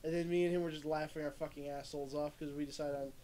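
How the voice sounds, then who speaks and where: A young man chats loosely on a stream, his voice sitting a bit high for a man. He rambles through stories, swears freely and breaks into laughter. A faint hiss runs under the recording. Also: flat delivery, fast, mellow. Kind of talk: casual chat. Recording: faint background noise.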